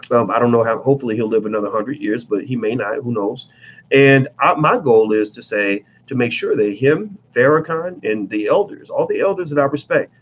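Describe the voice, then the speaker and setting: A man's voice: medium pitch, dull audio, slight background noise. A man giving blunt, emphatic commentary in a casual vlog, talking straight to his viewers with plenty of profanity.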